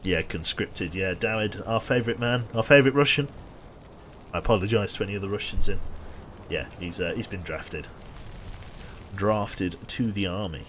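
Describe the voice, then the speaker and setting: A man's voice: fairly low pitch, moderate pace, pauses often, fairly bright tone, a little hiss or hum. A man giving dry, sardonic live commentary on his gameplay and chatting with viewers, swearing casually along the way. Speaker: game streamer.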